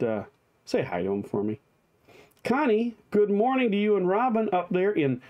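Pastor guy, warm mellow voice, chatty, greets folks by name, reads the prayers. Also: a little high. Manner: chatty, greets viewers by name, then reads liturgy aloud. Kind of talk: live-streamed daily devotion.

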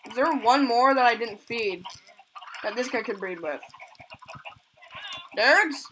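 A woman hosting a let's play, giving excitable commentary and gushing over cute animals. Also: fairly high pitch, takes it slowly, slight background noise, poor audio. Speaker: gaming channel host.

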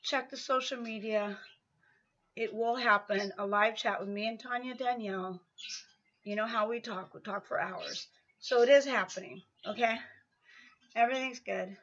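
A woman's voice: on the high side, normal speed, fairly bright tone, muffled recording. A woman chatting in a casual vlog update while pedaling an exercise bike at home, slightly out of breath and rambling with many fillers. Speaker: vlogger.

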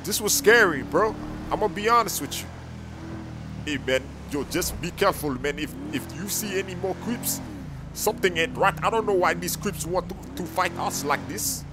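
Excitable young man role-playing in a game. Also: fairly high pitch. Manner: loud excitable slang-heavy street talk. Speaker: gaming YouTuber playing a character. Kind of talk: role-play gameplay commentary.

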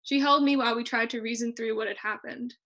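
Bright-voiced young woman reading her essay. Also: a little high. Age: young adult. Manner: measured, expressive reading. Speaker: student reader. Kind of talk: reading a personal essay aloud. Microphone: video call.

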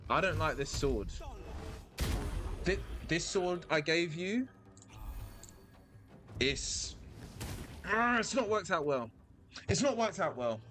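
A man giving playful, animated commentary while playing a video game, thinking aloud and repeating himself. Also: a little high, slow, long pauses. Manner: animated, playful, sudden loud outbursts. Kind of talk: live gameplay commentary.

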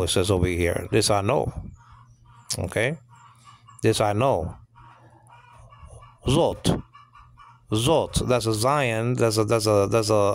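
A man's voice: fairly low pitch, vocal fry, clean tone. A middle-aged man teaching a casual Bible study, rambling with many fillers, repeated asides and restarts.

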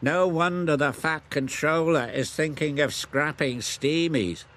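A man voicing a sly, sneering male diesel engine in a children's cartoon, with a slow, oily drawl. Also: a little high, background noise, voice pushed up, lightly acted.

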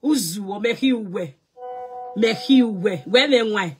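A Nigerian woman, an actress and producer, scolding someone loudly on a live stream and mixing in Pidgin English. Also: lively intonation, slow pace, soft background music. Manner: loud and scolding, mixing Pidgin English, big swings in pitch and volume.

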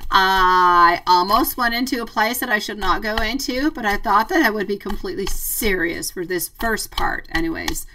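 Speaking at a normal speed with hardly any pauses, the tarot streamer has a medium-pitched, bright, forceful voice. She reads out viewer comments affectionately, laughing often and using sweetie. The audio is rough and distant, with a little hiss or hum.

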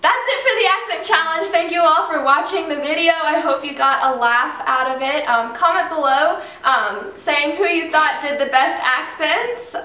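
Giggly high-voiced Australian woman, roomy. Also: moderate pace, hardly any pauses, sharp tone, a little hiss or hum. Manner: giggly, playful, chatty. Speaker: vlogger host. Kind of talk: casual chat. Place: indoor room with friends filming. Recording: roomy, from a distance.

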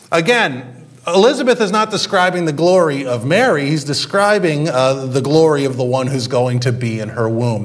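A male pastor preaching a sermon in a conversational way, with frequent fillers and restarts. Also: fairly high pitch.

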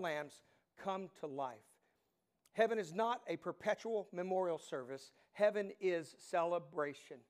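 A middle-aged man preaching a sermon as pastor, animated storytelling that swings from hushed to loud. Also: a little high.

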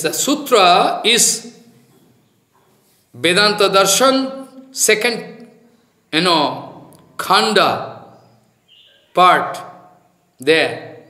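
A spiritual teacher preaches in halting, animated but unhurried. His voice sits high and moves slowly. The sound rings in a roomy, echoing space. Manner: slow, halting, animated storytelling with chanted Sanskrit verses. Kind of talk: devotional sermon with storytelling. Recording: roomy echo.

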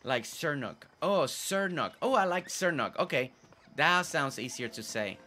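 A man's voice: medium pitch, animated, moderate pace, bright, forceful tone, soft background music. A man whose first language is not English, chatting casually over his gameplay. He repeats himself and stumbles over tricky names. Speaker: gameplay video host.

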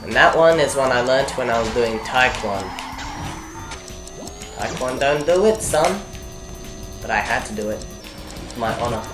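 A woman's voice: very deep voice, expressive, measured pace, long pauses. A young woman giving rambling, jokey let's play commentary, talking to herself as she plays. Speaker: gaming commentator. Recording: echoey room with game music behind.

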